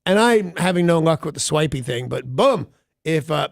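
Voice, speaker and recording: Male radio host, wry self-mocking storyteller, a bit high and gravelly, dry booth. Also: animated, normal speed, no room sound. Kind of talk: casual morning radio chat.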